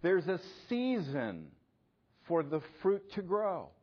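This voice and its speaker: A man preaching a sermon, asking rhetorical questions and swinging between loud emphasis and hushed, quiet lines. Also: high voice, wildly swooping pitch, takes it slowly, husky, highs cut off. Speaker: pastor.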